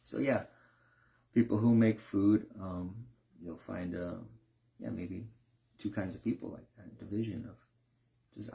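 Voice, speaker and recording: A man speaks in a relaxed, reflective monologue, thinking out loud with fillers and restarts. His voice sits low and carries a gravelly fry. The tone is mellow and dark rather than bright. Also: measured pace, pauses often. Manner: acts out quoted cooks in higher voices, many fillers and restarts. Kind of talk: casual monologue.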